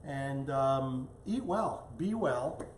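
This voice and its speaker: A man's voice: medium pitch, animated, drawn-out words, reverberant, a little hiss or hum. A man hosting a casual cooking demonstration in his home kitchen, chatting as he plates and tastes the food. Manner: chatty, talks while tasting and plating. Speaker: cooking show host.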